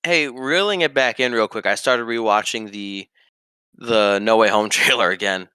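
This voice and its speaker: A young man co-hosting a casual podcast chat, animated and joking, swearing freely. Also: fairly low pitch, moderate pace, smooth, no echo. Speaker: podcast co-host. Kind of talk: casual chat reviewing a film trailer.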